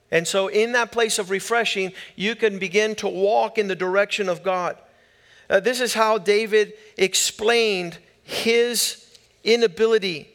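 High-pitched guy preaching, emphatic pastor cadence going up and down. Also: fairly bright tone. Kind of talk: sermon.

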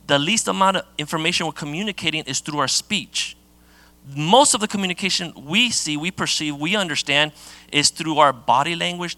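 Bright-voiced man preaching conversationally. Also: fairly high pitch. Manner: conversational, many fillers and restarts. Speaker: pastor. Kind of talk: sermon.

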